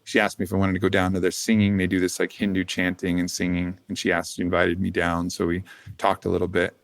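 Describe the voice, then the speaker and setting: A low-voiced man, appearing as a podcast guest, tells a loose, casual story in a fast monotone. He wanders through fillers and false starts, swears freely, and laughs between thoughts.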